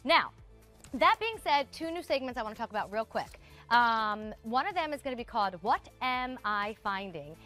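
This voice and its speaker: A woman's voice: a little high, animated, moderate pace, bright, forceful tone, soft background music. A woman in her thirties hosting a live TV shopping show, chatty and gushing as she talks straight to viewers. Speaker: shopping channel host. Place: TV studio.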